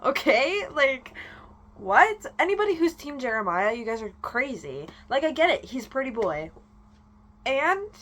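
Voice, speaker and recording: A young woman vlogger ranting in casual chat, animated and swearing freely. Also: high voice, normal speed.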